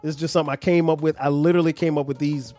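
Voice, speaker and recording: A man hosting a podcast in casual chat, reading out quick this-or-that questions and nudging his guest along with short agreements. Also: a little high, steady tone, warm tone, faint music behind. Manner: brief affirmations, reads out quiz questions. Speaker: podcast host.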